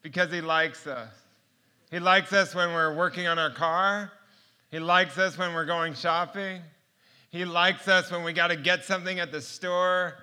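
A man in middle age gives a personal faith testimony, his voice pitched high for a man. He tells his story earnestly and often breaks into laughter. His tone is very bright and ringing. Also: steady tone, a little slow, smooth. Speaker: speaker sharing his testimony.

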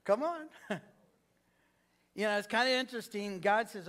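A man's voice: high voice, animated, normal speed, a bit bright. A man preaching a sermon as pastor, asking the congregation to repeat phrases after him. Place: church sanctuary.

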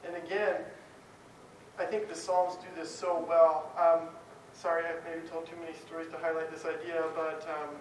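A man's voice: a little high, completely flat delivery, moderate pace. A man who teaches Bible, giving an informal talk to a class in a candid, chatty way with frequent chuckles and restarts. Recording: roomy, distant mic, faint background noise.

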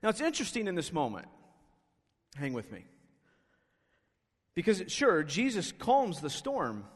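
A man with a high voice delivers a sermon at an unhurried pace. He preaches emphatically, pressing his listeners with rhetorical questions. His voice carries a long hall reverb from a church sanctuary. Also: huge pitch swings. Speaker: pastor.

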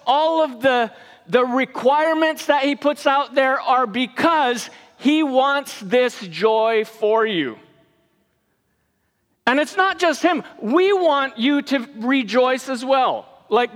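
A man's voice: very high voice, fairly bright tone. A man preaching a casual sermon as a pastor, conversational and repeating his words as he leads the church. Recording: reverberant hall.

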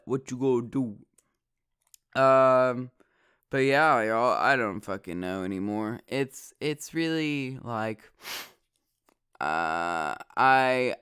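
A young man with a drawl rambles through a casual vlog, swearing freely and padding his talk with ums and likes. His voice is smooth and resonant and sits at an ordinary middle pitch. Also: a bit bright. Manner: swears a lot, rambling with many fillers. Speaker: vlogger.

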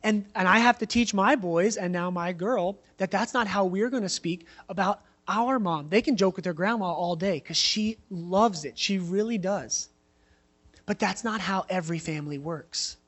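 A man's voice: sits high, normal speed, a bit bright. A man in his thirties preaching a sermon in a conversational way, telling personal stories with frequent asides. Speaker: pastor.

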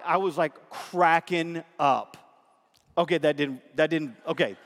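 A man preaching a sermon as a pastor, emphatic and conversational, animated in his delivery. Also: a little high, measured pace. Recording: long hall reverb.

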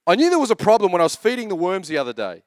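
A man's voice: high-pitched, sing-song, rapid-fire, no room sound, studio quality. A man in his thirties preaching a sermon as pastor, telling jokey stories in a chatty way. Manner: chatty, joking storyteller.

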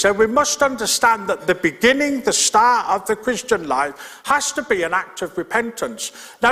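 High-voiced man preaching in a reverberant hall. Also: fairly bright tone. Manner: earnest, plain-spoken, repeats key points. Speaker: pastor. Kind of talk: sermon. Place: church.

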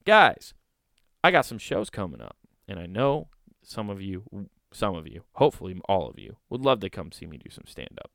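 A man's voice: deep voice, big pitch swings, moderate pace, vocal fry, fairly bright tone, no room sound, studio quality. A man hosting a comedy podcast, giving sarcastic, mocking commentary and laughing often.

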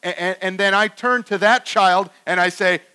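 High-voiced animated preacher man. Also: normal speed, clear, resonant tone, rough recording. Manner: animated, emphatic, swings from loud to hushed; repeats words when building up. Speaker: pastor. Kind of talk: sermon.

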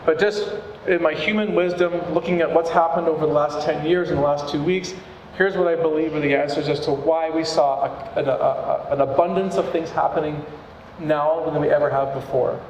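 A man's voice: on the high side, fairly even intonation, normal speed, darkish tone, a little hiss or hum. Man preaching in an echoey church. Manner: conversational, earnest preaching. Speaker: pastor. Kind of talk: sermon. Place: church hall. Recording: echoey hall with room ambience.

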